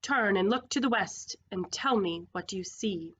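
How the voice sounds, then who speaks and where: A woman voicing a great solemn male lion king, speaking slowly and gravely. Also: medium pitch, fairly bright tone.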